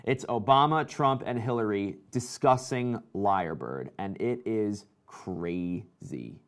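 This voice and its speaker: A man hosting a casual live tech show, talking excitedly and reading out viewer comments. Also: fairly low pitch, slow pace.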